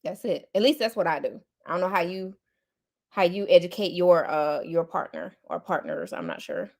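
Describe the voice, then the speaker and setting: A woman hosting a casual podcast, candid and quick to laugh. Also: fairly low pitch, vocal fry, darkish tone. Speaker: podcast host.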